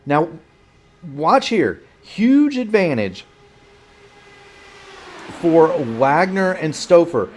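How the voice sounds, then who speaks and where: A man's voice: fairly high pitch, very animated, very slow, pauses often, slight background noise. A man calling play-by-play for a sim racing broadcast, rambling and correcting himself as he goes, fighting off a bout of hiccups. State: has the hiccups. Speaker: play-by-play commentator.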